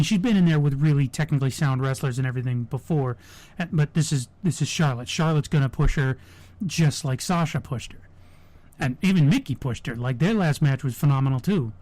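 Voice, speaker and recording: A man's voice: mid-range voice, warm tone, no room sound. A young man hosting a podcast, giving opinionated, sarcastic wrestling predictions in casual chat with frequent restarts. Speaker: podcast host.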